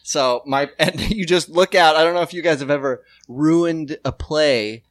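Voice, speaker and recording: Man, fairly high voice, jokey banter, laughs a lot, dry close sound. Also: normal speed, no room sound. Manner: joking, laughs often, slips into silly voices. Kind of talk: casual banter.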